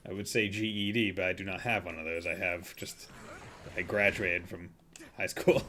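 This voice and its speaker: A man's voice: sits low, steady tone, moderate pace, pushed and bright, a little hiss or hum. A young man casually commenting on his gameplay as a streamer, rambling and joking with lots of filler words. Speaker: gaming streamer. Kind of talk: casual let's-play commentary.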